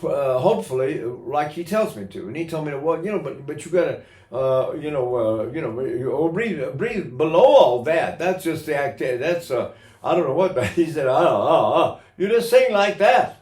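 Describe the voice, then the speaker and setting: A man's voice: on the high side, lively intonation, moderate pace, a little mellow, echoey room. An older man teaching singing technique in a rambling way, breaking into sung vowels and imitated voices to demonstrate. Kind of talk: recorded voice lesson.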